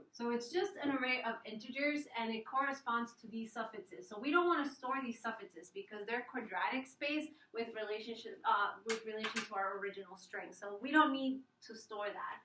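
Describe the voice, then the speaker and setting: A young woman student presents an algorithm over slides in a relaxed, unscripted way, with fillers and restarts. Her voice is bright and a touch high. She sits some distance from the mic in a roomy, echoing space. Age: young adult.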